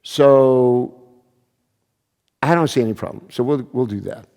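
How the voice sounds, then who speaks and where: Conversational pastor in a reverberant church. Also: male voice, medium pitch, unhurried, creaky, a little mellow. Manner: conversational, frequent restarts and asides. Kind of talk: sermon.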